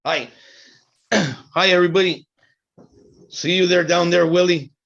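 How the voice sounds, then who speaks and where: A middle-aged man sharing in a support group over a video call, talking haltingly with many fillers and restarts. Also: high voice, steady tone, gravelly, fairly bright tone. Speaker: group participant. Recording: slightly dull video-call audio.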